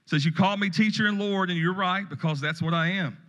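A man's voice: high voice, a little fast, a bit bright, dull audio. A middle-aged male pastor giving a sermon in a folksy, conversational way, with storytelling asides. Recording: long reverb of a hall.

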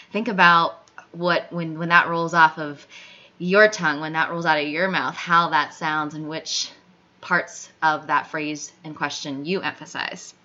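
A woman's voice: sits low, fairly even intonation, a little slow, sharp tone. A woman hosting a motivational talk and speaking earnestly and encouragingly straight to the listener. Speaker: podcast host. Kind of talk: motivational monologue. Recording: dull lo-fi audio.

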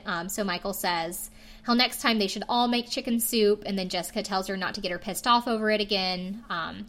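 A woman's voice: mid-range voice, fairly bright tone. A young woman casually recapping a TV show as a podcast host, chatty and gossipy, with lots of fillers. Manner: chatty, filler-heavy, gossipy, frequent laughs.

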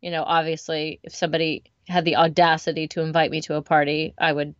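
Low-voiced woman, dull dry recording. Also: flat delivery, quick pace, no echo. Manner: chatty, storytelling with quoted asides. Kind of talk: casual chat.

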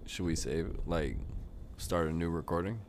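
A man's voice: sits low, normal speed, a little mellow, slight background noise. A young man co-hosting a podcast, chiming in with slangy reactions and banter. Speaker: podcast co-host. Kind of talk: casual chat.

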